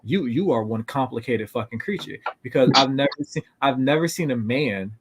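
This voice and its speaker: A man's voice: mid-range voice, lively intonation, moderate pace, background noise. A man co-hosting a casual podcast, ranting emphatically and swearing as he makes his points. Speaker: podcast co-host. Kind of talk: casual group chat.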